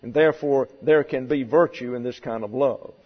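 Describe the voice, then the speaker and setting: A pastor preaching a doctrinal sermon in a church, deliberate and stressing key words as he works through numbered points. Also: mid-range voice, breathy edge. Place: church sanctuary. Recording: dull sound with long hall reverb.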